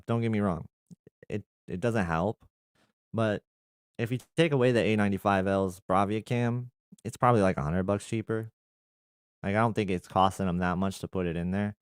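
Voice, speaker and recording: Smooth low-voiced male tech host. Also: no room sound, clean studio sound. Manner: conversational, reads comments aloud then rambles with fillers. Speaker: tech channel host answering viewer comments. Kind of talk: casual live chat.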